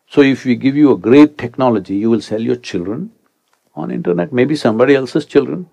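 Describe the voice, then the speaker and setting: A man in his sixties, a spiritual teacher, giving an animated speech to a young audience and often prompting listeners with rhetorical asides. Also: medium pitch, fairly quick, vocal fry. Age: 60s.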